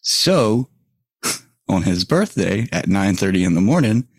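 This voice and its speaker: A man's voice: on the low side, big pitch swings, slow pace, husky, dry recording, clean studio sound. A male podcast host in casual chat, swearing freely, laughing often and rambling through stories.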